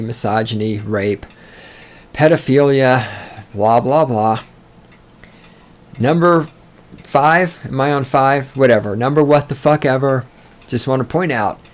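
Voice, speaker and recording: A man hosting a solo book-discussion podcast, reading passages aloud and mocking them in a sarcastic, profane rant. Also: medium pitch. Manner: reads passages aloud, then mocks them. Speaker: podcast host.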